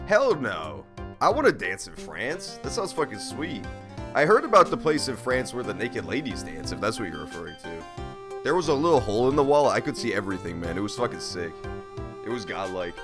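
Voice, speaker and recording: A man's voice: on the low side, sing-song, fairly quick, over music. A man giving casual, profane, rambling gameplay commentary while streaming. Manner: rambling, swears a lot, jokey. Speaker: let's play streamer.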